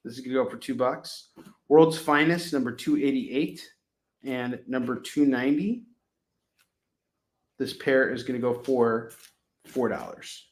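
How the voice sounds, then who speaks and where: A man hosting a casual live shopping stream, pitching comic books with rambling jokes and laughing at himself. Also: measured pace, long pauses, roomy sound. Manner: jokey, rambling, laughs at his own jokes.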